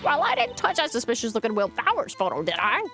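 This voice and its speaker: A woman voicing a nosy, gossipy old woman security guard with a creaky voice. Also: a little high, wildly swooping pitch, quick pace, pushed and bright, soft background music, exaggerated voice.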